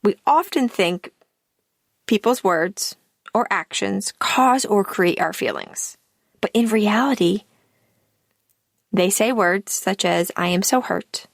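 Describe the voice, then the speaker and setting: A woman life coach hosting her podcast, speaking in a calm, deliberate scripted monologue, and her line ends often trail off into breath. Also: mid-range voice, creaky, no echo, clean studio sound.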